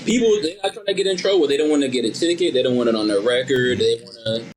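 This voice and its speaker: A man's voice: mid-range voice, quick pace, poor audio. A man co-hosting a podcast in casual chat, blunt and slangy, leaning on "bro" and "you know what I'm saying.". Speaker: podcast co-host.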